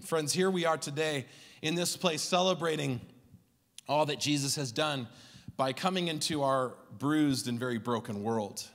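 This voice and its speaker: High-voiced male pastor preaching. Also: normal speed, in a large hall. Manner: rhythmic preaching, swings from loud to hushed. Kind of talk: Christmas Eve sermon. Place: church sanctuary.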